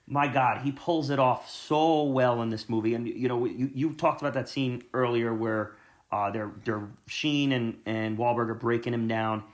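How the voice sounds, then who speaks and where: A man's voice: mid-range voice, moderate pace. A man in casual conversation about a movie, talking in loose, rambling sentences with many restarts.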